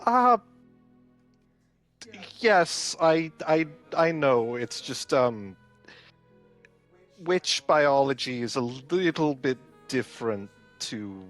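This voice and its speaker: A man voicing a flustered, bookish young male healer who gives halting, stammering explanations. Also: mid-range voice, big pitch swings, a bit bright, soft background music, full character voice. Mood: hesitant.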